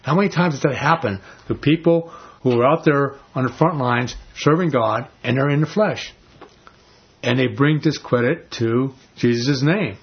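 A male pastor with a very husky, breathy voice delivers a sermon like a casual story, dropping into quick voices for the people in it. The recording sounds dull and lo-fi. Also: mid-range voice. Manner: conversational storytelling, acts out voices, chuckles.

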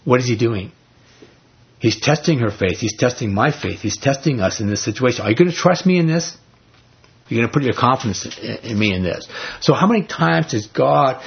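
A man's voice: medium pitch, creaky, breathy edge, highs cut off. A man leading an informal Bible study. He retells scripture in everyday speech and keeps asking the group rhetorical questions.

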